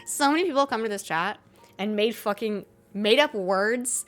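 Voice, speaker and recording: A woman's voice: mid-range voice, expressive, a little slow, a bit bright, soft background music. A young American woman streaming, chatting casually with her live chat, laughing often and swearing freely.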